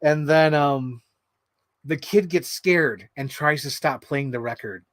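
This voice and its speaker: A man chatting casually while building an action figure, rambling and excitable, swearing freely and acting out quotes. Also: fairly high pitch, takes it slowly, dry recording. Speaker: toy unboxing vlogger.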